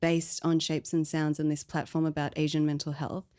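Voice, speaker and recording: A woman's voice: low-pitched, little pitch movement, normal speed, darkish tone. A woman, the founder of a podcast, chatting casually about her story in a rambling way full of fillers. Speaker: podcast founder being interviewed.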